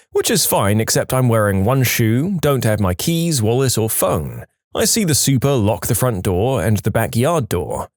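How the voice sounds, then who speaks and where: Man, reddit story narrator, very animated pitch, dry close sound. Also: dry recording. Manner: lively storytelling with mock voices for quoted people. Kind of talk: reading reddit stories aloud.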